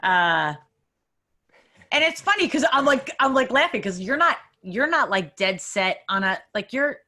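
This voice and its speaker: Young woman, podcast host, slightly high voice, lively storyteller who laughs a lot. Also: a little slow. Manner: laughs often, animated storytelling. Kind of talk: casual chat.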